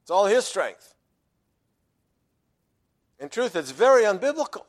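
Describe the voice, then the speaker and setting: A pastor delivers a sermon in a man's voice pitched slightly high for a male. His preaching is emphatic, dropping quiet for asides and growing loud whenever he quotes scripture. The delivery is sing-song and a bit slow.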